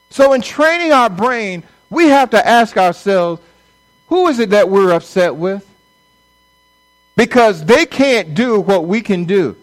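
A man's voice: sits high, lively intonation, a little slow, rough recording. A middle-aged man, a pastor, preaching a conversational sermon and acting out quoted voices.

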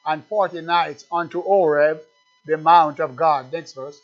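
A man preaching a sermon, emphatic and full of repeated rhetorical questions, building up to near shouting. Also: a little high, steady tone, measured pace, highs cut off.

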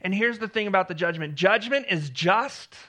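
A man delivers a sermon in a high, bright voice. He preaches earnestly and leans on repeated phrases for emphasis. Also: animated, normal speed. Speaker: pastor.

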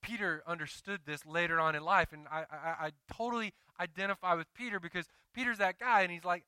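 High, bright-voiced preaching man. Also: fairly quick, few pauses, smooth, no echo. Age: adult, married. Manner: conversational, confessional, rising to emphatic exhortation. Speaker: pastor. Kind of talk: sermon.

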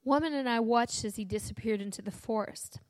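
A woman reading a story aloud in first person, earnest and steady, with a few small restarts. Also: fairly high pitch, brisk, no room sound.

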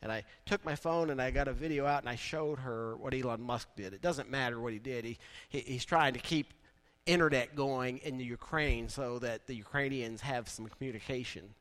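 A man preaching a sermon in a conversational way, building now and then to loud, emphatic peaks. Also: medium pitch, moderate pace. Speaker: pastor.

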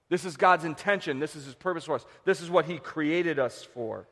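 High-voiced male pastor preaching in a hall. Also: brisk, hardly any pauses. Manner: preaching with swings from loud shouts to hushed lows. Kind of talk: sermon.

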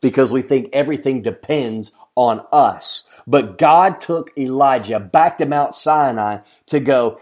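A man preaching a sermon as a pastor, earnest, often asking the listeners questions and moving from emphatic lines to hushed ones. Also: medium pitch, a little slow, hardly any pauses. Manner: addresses listeners directly with questions.

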